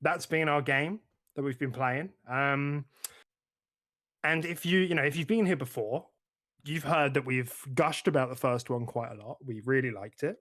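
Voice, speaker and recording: A man's voice: mid-range voice, normal speed, a bit bright. A young man co-hosting a casual gaming podcast, chatty, with lots of fillers and restarts. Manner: chatty, laughs often, frequent fillers and restarts. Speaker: podcast co-host.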